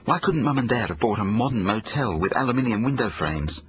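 A man reading his own children's book aloud, expressive storytelling. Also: on the low side, brisk, highs cut off, background noise. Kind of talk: audiobook narration for children.

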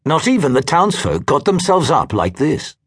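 A man narrating a science fiction audiobook with a dry storytelling manner. His voice is husky and sits a touch high. It moves through a lively pitch range. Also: moderate pace.

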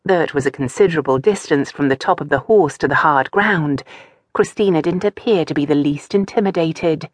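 A woman narrating an audiobook novel in a calm, measured storytelling manner. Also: low-pitched, no echo. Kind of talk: scripted narration.

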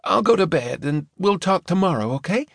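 Man doing a blunt young American woman, low slow voice, matter-of-fact, audiobook, lively up-and-down pitch, close dry sound. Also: no echo. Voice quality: deeper and slower than expected. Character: blunt young woman, tired, soaked niece. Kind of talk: audiobook character voice.

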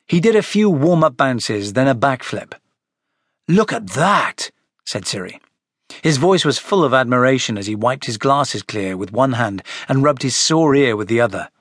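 Lively male narrator reading a children's story. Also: mid-range voice, moderate pace, no room sound, studio quality. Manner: expressive, animated storytelling. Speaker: audiobook narrator.

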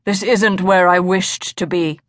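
A woman voicing a deep, commanding nobleman. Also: fairly even intonation, measured pace, dry recording, clean studio sound, close to an everyday voice. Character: stern commanding nobleman, mysterious and brusque.

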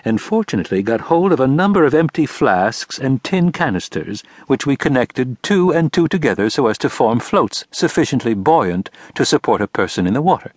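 This is a man's audiobook narration, scripted and delivered with measured, expressive storytelling. The pitch is medium, and the studio-quality recording has no echo.

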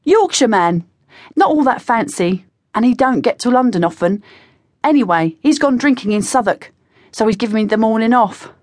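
A woman's voice: fairly high pitch, animated, normal speed, dry recording, studio quality, pitched above the performer's own voice. A woman voicing a cocky, slangy teenage boy spy who talks in a breezy, conspiratorial way. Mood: sly. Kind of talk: audiobook character voice.

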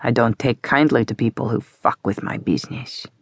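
A woman narrator voicing a genial but menacing male crime boss with a Russian-British accent, speaking smoothly and unhurriedly. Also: medium pitch, no room sound, studio quality. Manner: smooth, unhurried, softly purring. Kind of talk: audiobook character voice.

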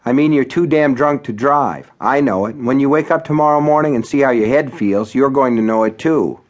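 A man reading an audiobook, voicing a bartender who refuses a drunk patron in a calm, level and unflinching way. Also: medium pitch, normal speed, lightly acted. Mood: firm. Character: firm, even-tempered middle-aged bartender and owner. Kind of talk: audiobook character voice.

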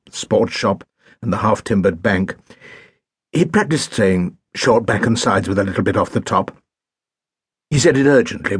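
A man narrating an audiobook in a measured, wry storytelling manner, recorded in a studio. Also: lowish voice, husky, dry recording.

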